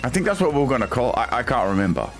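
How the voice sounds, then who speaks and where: Animated Australian man streaming. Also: mid-range voice, rapid-fire, soft background music. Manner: amused, reads viewer suggestions aloud with incredulous reactions. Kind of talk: live stream commentary reading chat.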